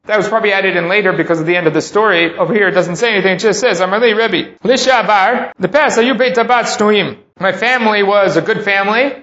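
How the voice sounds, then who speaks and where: A man's voice: high-pitched, fast talker, few pauses, fairly bright tone, reverberant, lo-fi sound. A man teaching a Talmud lesson, reading Hebrew passages aloud and then translating and explaining them line by line. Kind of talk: text-study lesson.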